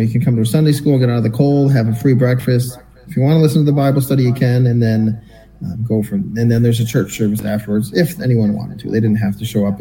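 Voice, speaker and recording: A man's voice: medium pitch, poor audio. A man co-hosting a podcast, telling a long personal story in casual chat and acting out what people said. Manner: animated anecdotal storyteller, acts out quotes. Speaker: podcast co-host.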